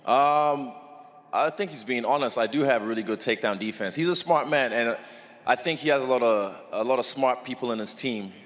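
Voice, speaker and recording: A man's voice: mid-range voice, fairly quick, a bit bright. Man, fighter at a press conference, laid-back, cocky, long hall reverb. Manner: laid-back, confident, swears casually.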